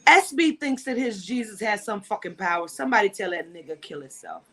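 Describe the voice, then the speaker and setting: A woman's voice: medium pitch, a little fast, low-quality recording. A woman hosting a casual chat, telling a profane story and acting out the dialogue with lots of energy. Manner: animated, profane, acts out dialogue. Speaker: host.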